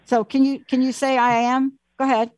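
A woman's voice: high-pitched, level tone, a little fast, a little mellow, no room sound. A woman hosting a radio call-in show, talking in an emphatic, pushy way as she coaxes her caller along. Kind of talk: casual call-in coaching.

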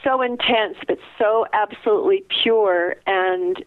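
A woman's voice: mid-range voice, a little slow. A woman guest reading her poems aloud with heartfelt, emotional delivery and chatting about them. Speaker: guest poet. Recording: tinny phone line.

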